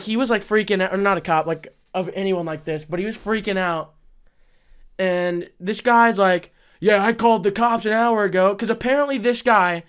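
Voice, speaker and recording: A young man co-hosting a podcast, telling a story in casual chat, profane and excitable, laughing often. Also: sits high, smooth. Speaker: podcast co-host.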